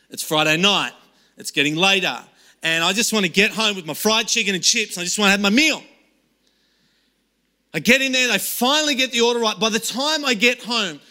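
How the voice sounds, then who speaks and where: A man's voice: sits high, bright, forceful tone. A young adult man preaching a sermon to a small room and an online audience, telling stories casually with frequent restarts. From Australia. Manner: conversational storytelling with frequent restarts. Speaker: pastor. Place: room with few people.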